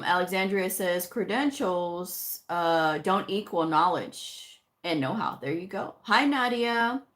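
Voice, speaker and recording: A woman's voice: medium pitch, a bit bright. A middle-aged woman hosting a live stream, casually chatting and reading out and answering viewer comments. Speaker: livestream host answering viewer questions.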